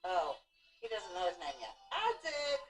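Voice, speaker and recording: A woman's voice: on the high side, lively intonation, normal speed. A woman filming her small children at home, talking to them in a playful, coaxing way. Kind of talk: home video chat. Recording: roomy home video from far off.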